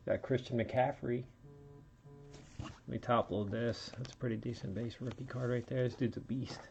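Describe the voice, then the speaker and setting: A man's voice: mid-range voice, fairly even intonation, normal speed, vocal fry, darkish tone, highs cut off, faint music behind. A man hosting a card break, chatting casually as he calls out each card he pulls and sounding a little under the weather. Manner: running play-by-play of pulls, chatty asides. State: feeling unwell. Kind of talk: casual card-opening commentary.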